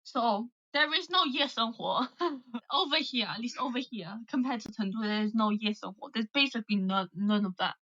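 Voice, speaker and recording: A woman's voice: on the high side, normal speed, a bit bright, muffled recording. A young woman with a British accent, hosting a casual live chat with callers in a loose, chatty way, full of fillers. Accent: British English. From United Kingdom. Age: young adult. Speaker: livestream host.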